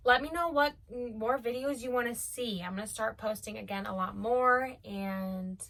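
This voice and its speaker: A young woman from Omaha tells a story to camera with a bright, fairly high voice. She speaks casually and swears freely. Her talk is full of "like" fillers. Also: normal speed. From Omaha, United States. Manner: chatty and profane, with many "like" fillers. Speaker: vlogger.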